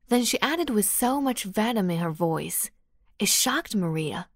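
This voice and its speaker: A woman narrating an audiobook romance in a measured storytelling manner. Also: mid-range voice, lively intonation, no room sound, clean studio sound. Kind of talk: scripted narration.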